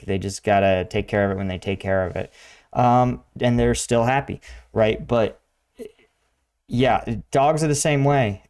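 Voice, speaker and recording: A man's voice: mid-range voice, darkish tone, smooth. An American man hosting a reaction video, talking casually with lots of fillers and laughing along. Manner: chatty, laughs often, talks with many fillers.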